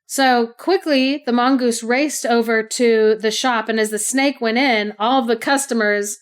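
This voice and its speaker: Woman host retelling a folk tale, casual, playful, fairly high voice. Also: steady tone, measured pace, smooth. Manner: chatty, playful asides. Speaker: podcast host and storyteller.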